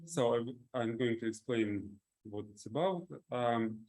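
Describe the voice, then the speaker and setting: A man speaking slowly and hesitantly as quiz master at a club meeting. He pauses often to find his words. His voice is of ordinary pitch. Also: expressive, darkish tone, poor audio. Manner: hesitant, with many fillers and restarts. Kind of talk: unscripted club meeting remarks.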